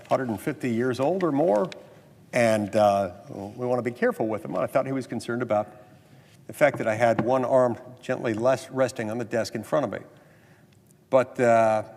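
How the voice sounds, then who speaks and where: A man's voice: mid-range voice, moderate pace, creaky, darkish tone. Brief: male senator on the floor, folksy anecdote into firm argument, long chamber reverb, podium mic. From Utah, US. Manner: folksy, self-deprecating storytelling, then emphatic argument. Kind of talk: floor speech with a personal story. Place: legislative chamber.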